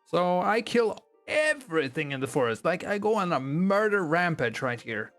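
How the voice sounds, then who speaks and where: A man's voice: high-pitched, very animated, normal speed, a bit bright, soft background music. A young man telling a game's story as comedy, in a casual, crude and slangy way. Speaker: gaming video creator. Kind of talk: comedic game retelling.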